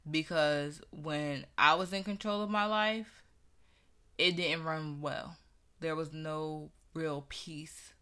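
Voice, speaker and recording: A woman's voice: deep voice, sharp tone. A young woman sharing her personal faith story in an earnest, conversational way, with many casual fillers.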